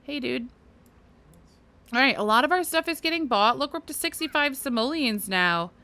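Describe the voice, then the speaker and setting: A gaming video host chats casually through a let's-play of her life-sim game, giggling and talking to her characters. Her voice is high, sharp, and animated, at a normal speed.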